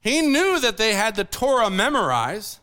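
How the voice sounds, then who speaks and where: A man's voice: sits high, moderate pace. A man preaching a sermon, explaining scripture and putting questions to the congregation. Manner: animated, asks the audience questions.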